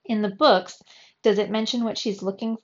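A woman's voice: medium pitch, steady tone, normal speed, close to an everyday voice. A woman reading aloud, voicing an earnest, modest teenage hero boy from a storybook, on a slightly muffled recording.

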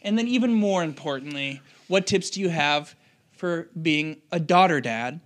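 A man hosting a casual podcast conversation, playful and self-mocking, quick to laugh at his own stories. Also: on the high side, expressive. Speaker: podcast host.

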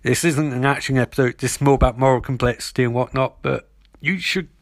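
A man's voice: mid-range voice, quick pace, dry recording, studio quality, natural voice. A man voicing a frank young woman who speaks bluntly and matter-of-factly.

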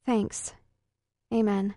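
A woman's voice: mid-range voice, flat delivery, drawn-out words, warm tone, no room sound, clean studio sound. A woman narrating a first-person story in an earnest, emotional way. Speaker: audiobook narrator.

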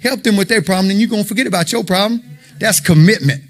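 A man's voice: high voice, fast. A man preaching an informal sermon, conversational and emphatic, full of rhetorical questions.

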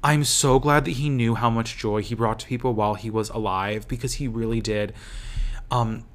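A man's voice: medium pitch, steady tone, moderate pace. A man hosting a podcast, in casual chat that is rambling and profane. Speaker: podcast host.

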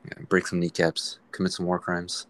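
Low-voiced young man, laid-back slang. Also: completely flat delivery, moderate pace, fairly bright tone, no echo. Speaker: podcast co-host. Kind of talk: casual chat.

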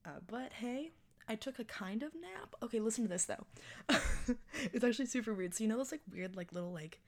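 A woman's voice: fairly high pitch, animated, fast, a little mellow. A woman in her early twenties hosting her own podcast in casual chat, rambling and self-mocking, laughing often. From Texas. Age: 20s. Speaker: podcast host.

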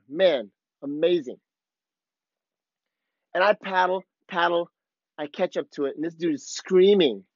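Man, fairly high voice, podcast host, laid-back surfer slang, dry slightly dull recording. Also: fairly bright tone, dry recording. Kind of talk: casual storytelling monologue.

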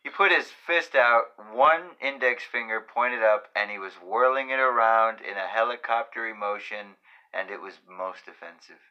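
A man's voice: on the low side, normal speed. A man co-hosting a casual podcast chat, tossing in dry joking asides and swearing freely. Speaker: podcast co-host. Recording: dull lo-fi sound.

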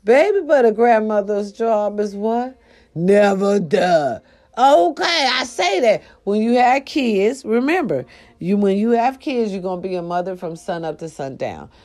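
An older grandmother in a casual vlog, giving animated, profane advice to her viewers and calling them y'all. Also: mid-range voice, measured pace. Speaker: vlogger. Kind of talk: casual straight-to-camera talk.

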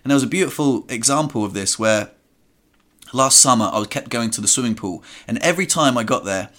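A man's voice: mid-range voice, expressive, a little fast, a bit bright. A man hosting a podcast, reflectively telling stories in casual conversation. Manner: reflective storyteller. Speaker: podcast host.

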